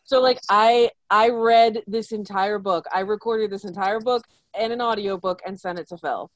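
A woman's voice: mid-range voice, normal speed, no room sound. A woman co-hosting a podcast in casual chat, self-deprecating and laughing often. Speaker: podcast co-host.

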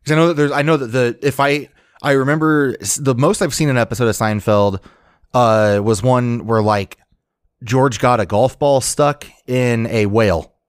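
A man's voice: medium pitch, moderate pace, smooth, dry recording. Male podcast co-host, casual and rambling, dry close mic. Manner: rambling, full of "like" and restarts. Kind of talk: casual chat.

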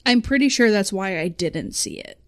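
A mid-pitched woman chatting casually about movies with a friend. She is playful and quick with teasing quips. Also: sing-song. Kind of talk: casual chat.

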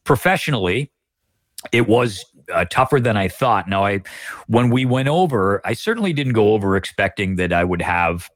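A middle-aged Canadian man, a guest broadcaster, telling stories in a measured, reflective way during a podcast interview. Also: lowish voice, lively intonation, a bit bright, dry recording.

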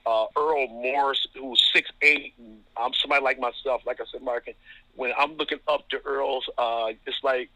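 Bright-voiced referee from Ohio. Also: male voice, medium pitch, steady tone, normal speed, no echo, low-quality recording. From Toledo, Ohio. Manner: chuckling, anecdotal, lots of fillers. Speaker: basketball referee, guest. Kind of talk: casual storytelling interview.

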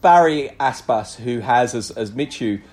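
A man's voice: mid-range voice, expressive, a little slow, a little mellow. A man co-hosting a football podcast, musing about players in a rambling way full of asides. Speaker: football journalist, podcast co-host. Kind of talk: casual football podcast chat.

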